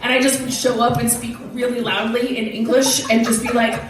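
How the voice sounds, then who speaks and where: A woman telling a story from a stage, casual, animated and profane, often laughing. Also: a little high, a little fast, background noise. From United States. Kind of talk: live storytelling. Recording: very echoey hall, voice from far off.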